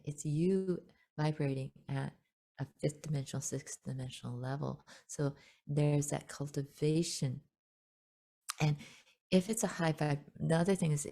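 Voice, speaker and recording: A woman teaching as a spiritual guide in a chatty, gentle way, laughing often and restarting her sentences. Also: sits low, vocal fry. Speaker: spiritual teacher hosting a webinar. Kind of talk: casual spoken teaching.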